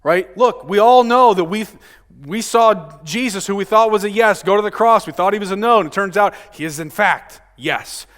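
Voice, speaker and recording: A male pastor preaching a sermon. He swings between loud emphasis and hushed, near-murmured lines, and often checks in with the room by asking "right?". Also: sits high, normal speed. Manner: frequent rhetorical "right?" tag questions. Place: church sanctuary. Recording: long reverb of a church sanctuary.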